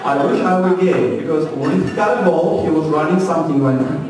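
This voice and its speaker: A man's voice: fairly high pitch, heavy background noise. Russian-accented man doing stand-up, echoey club. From former Soviet Union. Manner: deadpan, quick, heavily accented storytelling. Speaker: stand-up comedian. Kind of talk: stand-up comedy. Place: comedy club stage. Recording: echoey club sound from a distant mic with crowd.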